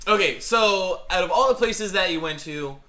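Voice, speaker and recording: A man's voice: sits high, animated, moderate pace, bright, forceful tone. A man hosting a casual podcast chat, prompting a friend with curious questions. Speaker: podcast host asking questions.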